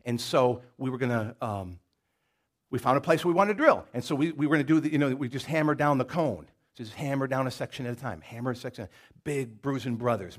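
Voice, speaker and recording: A man preaching a sermon in a folksy, conversational way, with jokes and stories and a Southern US accent. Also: mid-range voice. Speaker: pastor. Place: church.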